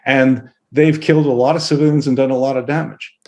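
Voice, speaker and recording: A man's voice: medium pitch, fairly even intonation, fairly quick, darkish tone. A middle-aged man from Canada, a professor being interviewed, speaking bluntly and telling vivid anecdotes. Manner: blunt, outspoken, vivid storyteller. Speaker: professor guest. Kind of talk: interview answers.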